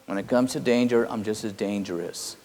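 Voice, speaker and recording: A man giving a spiritual teaching, halting with many fillers and quietly intense. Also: fairly low pitch, steady tone. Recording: long hall reverb.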